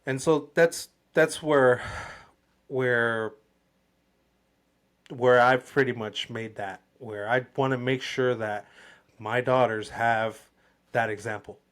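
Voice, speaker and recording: Brief: male co-host, mid-pitched, sincere and thoughtful, halting phrasing. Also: fairly even intonation, fairly bright tone. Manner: earnest, reflective, repeats himself. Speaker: podcast co-host. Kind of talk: casual podcast chat.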